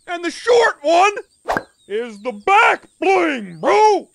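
A man tells jokes in a very high, swooping cartoon voice. He drags out every punchline, shouting with goofy excitement, and his voice turns gravelly at the edges. Music plays behind him. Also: extremely slow, noisy background. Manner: shouty, goofy, exaggerated delivery. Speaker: joke narrator. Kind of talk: cartoon comedy sketch narration.

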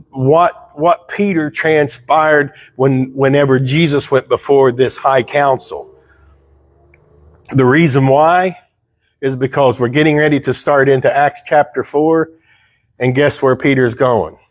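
A man's voice: mid-range voice, no room sound. Conversational male pastor, dry sound. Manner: conversational, reads scripture aloud and asks the congregation questions. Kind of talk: sermon, Bible teaching. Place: church.

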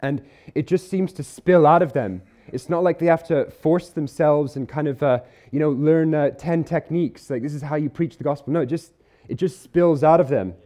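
Earnest man preaching, mellow voice. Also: on the high side. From Isle of Man or UK. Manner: earnest, conversational, slows to stress key words. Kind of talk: sermon. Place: church hall.

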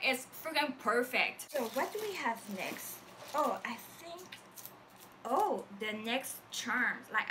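Excitable French-accented woman, high and bright. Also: distant mic, slight background noise, poor audio. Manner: gushing, excitable, lots of fillers. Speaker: vlogger. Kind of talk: casual unboxing vlog.

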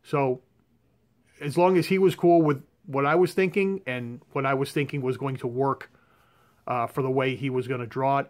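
Rambling, hesitant man showing his collection. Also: medium pitch. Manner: rambling, hesitant, lots of fillers and restarts. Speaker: comic art collector. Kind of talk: casual show-and-tell vlog. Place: his own room at home.

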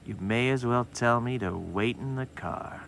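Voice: medium pitch, a little slow, gravelly, fairly bright tone, slight background noise. An actor playing Herb, a sarcastic, complaining male talking skeleton in a horror-comedy short film.

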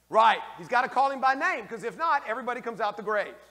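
A male priest giving a lively, folksy homily, taking questions from the congregation and acting out the figures in raised voices. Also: very high-pitched, fairly quick, in a large hall. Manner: folksy, slangy asides. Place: church.

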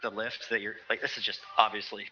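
A man narrating as game master of a tabletop role-playing game, energetic and loose with laughing asides. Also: lowish voice, fast, dull audio, slight background noise.

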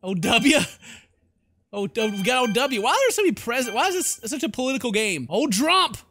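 A young man doing loud, goofy gameplay commentary. His voice is bright and forceful, and it swings a lot between high and low. He shouts often and laughs at what happens on screen. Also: big pitch swings, fairly quick, faint music behind.

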